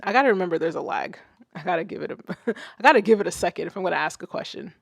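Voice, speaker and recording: A woman's voice: fairly low pitch, animated, racing, creaky, no room sound, studio quality. A young woman livestreaming from her music setup, chatting loosely, laughing and swearing casually. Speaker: music streamer.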